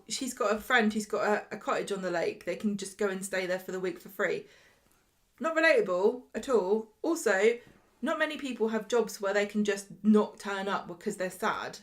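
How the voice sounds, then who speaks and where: A woman's voice: medium pitch, animated, moderate pace. A woman co-hosting a casual chat about a TV soap, exasperated and sarcastic, often laughing. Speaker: podcast co-host.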